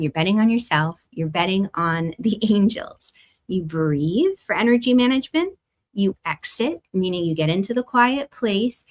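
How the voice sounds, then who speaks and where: Chatty woman hosting a spiritual livestream. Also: medium pitch. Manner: warm, chatty, laughs often, greets live viewers. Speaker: astrology host. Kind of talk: livestream spiritual guidance talk.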